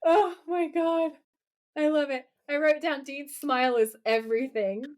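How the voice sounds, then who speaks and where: A woman co-hosting a podcast in casual chat, recapping a TV episode with lively, laughing quotes of the characters. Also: sits high, measured pace. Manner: animated, laughing, quoting characters in playful voices.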